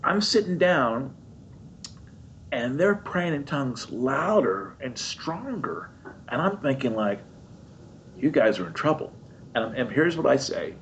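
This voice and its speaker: A man's voice: unhurried, pauses often, slight background noise, rough recording. A man preaching, telling a story from his own life and acting out the voices in it. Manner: animated storyteller acting out his own voice and others, high squeaky jumps. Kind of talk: sermon storytelling.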